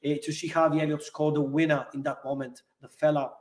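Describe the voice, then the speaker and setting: A man's voice: a little high, level tone, fast talker, darkish tone. A man co-hosting a football podcast, talking enthusiastically in slightly non-native English phrasing. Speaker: podcast co-host. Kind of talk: casual football chat. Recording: echoey room.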